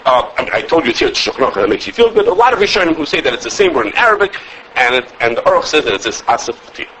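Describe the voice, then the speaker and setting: A man giving a halacha class as a teacher, animated, often repeating words and checking with "okay?". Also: fairly high pitch, racing, slight background noise, low-quality recording. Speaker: Torah teacher.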